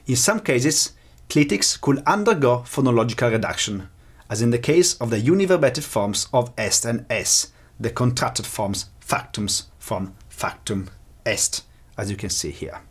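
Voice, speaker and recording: A man lecturing in a measured, explanatory way, slowing down to pronounce example words. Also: medium pitch, animated, slightly rough. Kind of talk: academic lecture.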